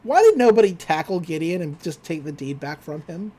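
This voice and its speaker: A woman's voice: on the low side, big pitch swings, a little fast, warm tone. A woman co-hosting a podcast, chatty as she recaps a cartoon episode, laughing often and using plenty of fillers. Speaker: podcast co-host.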